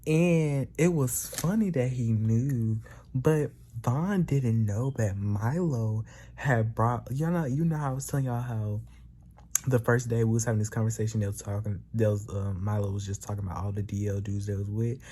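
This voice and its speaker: Young guy spilling a storytime, gossipy and chatty, mid pitch, keeps saying girl. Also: moderate pace, warm tone. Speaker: vlogger. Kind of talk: casual storytime.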